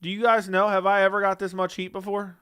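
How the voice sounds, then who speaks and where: Blunt streamer man, crisp dry voice. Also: high voice, level tone, quick pace, fairly bright tone, dry recording. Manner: blunt, dismissive, argues back at chat. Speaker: livestream host reading chat. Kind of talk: casual livestream chat.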